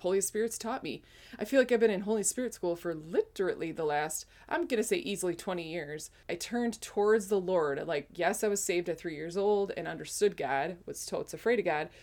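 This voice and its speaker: A woman's voice: on the low side, darkish tone. A woman in her forties telling a casual personal testimony, rambling with frequent self-corrections. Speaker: speaker sharing a spiritual testimony.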